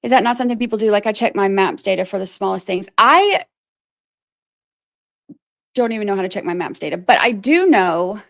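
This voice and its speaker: Here a livestream host is animated and brisk, her medium-pitched voice a bit bright with vocal fry, pausing often. She chats casually about a trial, reading the chat out loud, rambling and thinking aloud with lots of "like" and "you know," in a self-deprecating way.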